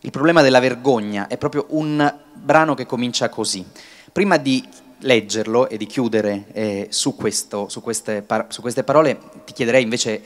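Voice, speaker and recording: A man's voice: mid-range voice, fairly quick. Man moderating, hesitant. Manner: hesitant, with restarts. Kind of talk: moderating a public talk.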